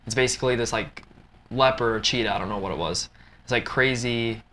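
Bright-voiced young man chatting loosely. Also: medium pitch, fairly quick, a little hiss or hum. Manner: loose and rambling, heavy use of "like". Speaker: podcast host. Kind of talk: casual chat, retelling a film plot.

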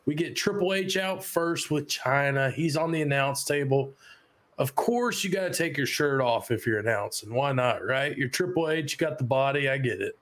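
A man's voice: mid-range voice, animated, normal speed, a bit bright. A man co-hosting a podcast, chatting casually about a wrestling show, laid-back and cursing freely. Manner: laid-back, swears, laughs often. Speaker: podcast co-host. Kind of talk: casual wrestling review chat.

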